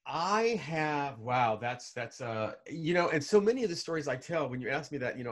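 A man telling stories as a guest in a video call interview, lively, with many restarts and fillers. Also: medium pitch. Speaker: guest, author and speaker.

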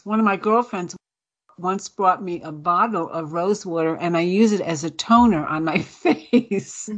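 A woman's voice: lowish voice, measured pace. A woman hosting a casual radio chat, tasting cookies on air, chatty and laughing often. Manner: chatty, laughs often, talks with mouth full. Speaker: radio show host.

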